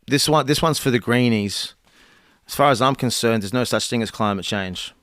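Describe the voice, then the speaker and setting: A man's voice: mid-range voice, a bit bright, clean tone, no echo, studio quality. A young man, reading cards aloud on a casual stream, stumbling and restarting lines between offhand chat. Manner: reads cards aloud haltingly, restarts and chats. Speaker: content creator.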